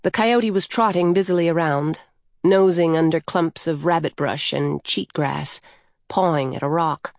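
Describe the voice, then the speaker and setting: A woman with a slightly low voice reads a story aloud in a calm, even way. The sound is dry and close, with no room echo. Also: measured pace. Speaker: narrator. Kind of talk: scripted narration of a story.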